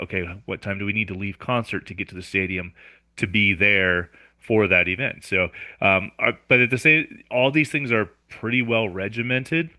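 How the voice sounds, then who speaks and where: A man's voice: low voice, bright, forceful tone, dry recording. A man on a podcast patiently explaining a schedule, methodical with frequent fillers. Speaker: music director, guest.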